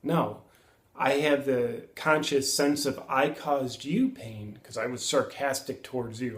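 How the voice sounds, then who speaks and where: A self-help video host, a man in his thirties, delivers an earnest, musing monologue, pausing and correcting himself as he thinks aloud. His voice is medium-pitched, and the room sounds echoey.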